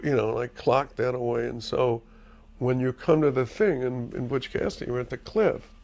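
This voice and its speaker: An older man with a gravelly, creaky voice tells stories candidly in an interview. He is animated and emphatic and swears freely. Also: medium pitch. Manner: animated storyteller, profane and emphatic. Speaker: screenwriter being interviewed.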